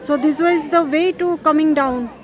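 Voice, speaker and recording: A woman's voice: high voice, moderate pace. A woman hosting a walking tour vlog outdoors, chatting to her viewers as friends. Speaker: vlog host. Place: outdoor zoo among visitors. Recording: crowd of visitors behind.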